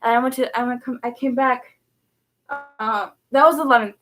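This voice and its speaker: A woman's voice: on the high side, fairly even intonation, normal speed, a bit bright, soft background music. A woman vlogger telling a personal story in a rambling way, full of fillers and restarts. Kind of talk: casual storytelling vlog.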